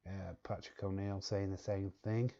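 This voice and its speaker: A man's voice: deep voice, flat delivery, normal speed, warm tone, lo-fi sound. A young English man hosting a quiz on a live stream, joking and chuckling as he reads the chat. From England. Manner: joking, chuckling, repeats words while reading chat. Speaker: quiz host.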